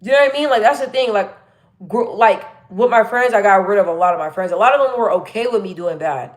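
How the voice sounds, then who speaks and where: A woman live-streaming, reading chat comments and talking bluntly and energetically, with a naturally deep voice she lifts a little. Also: fast talker. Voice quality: naturally deep voice, pitched up a bit. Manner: chatty, blunt and energetic, full of fillers and restarts.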